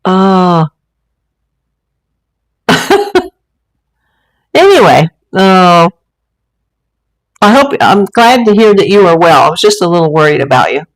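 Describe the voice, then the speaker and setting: A woman with a lowish, expressive voice hosts a casual livestream from a room at home fitted with a green screen and ring light. She talks slowly and pauses often, rambling chattily with plenty of fillers, and the audio quality is poor.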